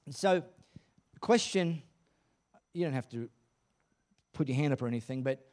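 A man's voice: medium pitch, animated, moderate pace, a little mellow. A male pastor preaching a sermon at a church service in a casual, joking, conversational way.

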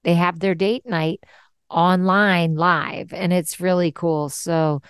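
A woman hosts a casual podcast interview, effusive and affirming toward her guest. Her voice is low and smooth, her pace unhurried, and the sound is close and dry. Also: fairly even intonation, dry recording. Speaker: podcast host.

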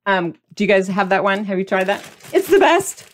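A woman hosting a podcast in a casual, animated and emphatic monologue. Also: mid-range voice, a little fast. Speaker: podcast host.

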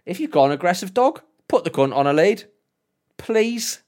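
A Northern English man co-hosting a podcast, telling an animated story full of swearing and frequent laughter. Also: high voice, moderate pace. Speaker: podcast co-host. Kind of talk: casual chat, storytelling.

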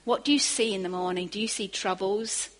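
A woman preaching a sermon, moving from quiet asides to emphatic, rising bursts. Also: mid-range voice, steady tone, brisk, rough recording.

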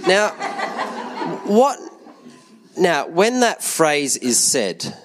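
A man, gently giving a children's talk in a church service and asking the kids questions. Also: on the high side, very animated, drawn-out words, pauses often. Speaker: church leader speaking to a congregation.

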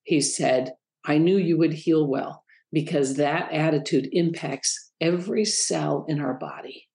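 A middle-aged woman speaks as a guest in an interview, her voice sitting a little low. She tells stories with animation and jumps up high when she mimics the people in them. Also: unhurried. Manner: animated, acts out quoted voices in a high pitch. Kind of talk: storytelling interview talk.

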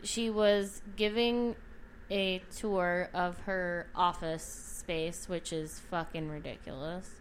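A woman's voice: on the low side, steady tone, slow, a little hiss or hum. Gossipy woman sharing celebrity news. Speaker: podcast co-host. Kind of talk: casual chat.

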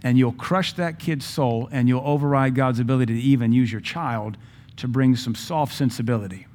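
A man preaching a sermon in a blunt, emphatic way, with sudden loud stresses, acting out the people he quotes. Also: mid-range voice, moderate pace.

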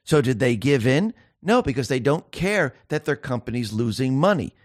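Brief: male commentary host, mid-pitched, emphatic monologue, dry close sound. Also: big pitch swings, moderate pace, dry recording. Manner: emphatic, repetitive, rhetorical questions. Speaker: show host.

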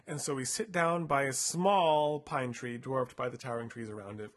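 A man's voice: mid-range voice, moderate pace, few pauses. A man casually narrating a choose-your-own-adventure story with a co-host, laid-back and playful, full of filler words. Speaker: co-host reading a gamebook.

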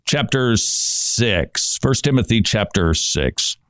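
A man's voice: fairly low pitch, animated, slow pace, fairly bright tone, no room sound, studio quality. A man hosting a Christian talk show, giving earnest casual commentary on Bible passages, often stammering and restarting mid-thought. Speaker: Christian podcast host.

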